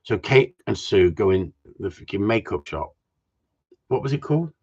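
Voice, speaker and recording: A man's voice: lowish voice, moderate pace, breathy edge, highs cut off. A man hosting a live stream, telling a story as a casual rant with lots of swearing. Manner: animated storytelling with frequent swearing. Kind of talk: casual ranting chat.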